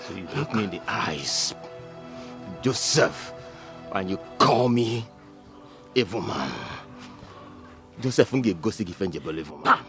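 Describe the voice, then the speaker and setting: A menacing older brother. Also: male voice, on the low side, expressive, a little slow, long pauses, sharp tone, soft background music. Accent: Nigerian. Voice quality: threatening, mocking. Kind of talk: Nollywood film acting.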